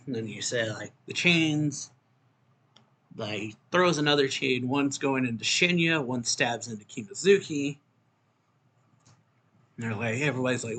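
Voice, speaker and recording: A manga reviewer casually recaps a comic chapter in a loose style packed with fillers, raising his voice whenever he reads the characters' dialogue aloud. His mid-range voice is bright and forceful, moves at a normal speed, and pauses often. There's slight background noise.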